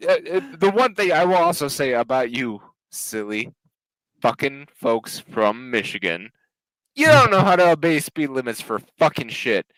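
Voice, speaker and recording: A man on a casual group stream, loud, profane and quick to tease the others. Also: medium pitch, very animated, no room sound, poor audio. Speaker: regular of a news hangout stream. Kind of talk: casual chat.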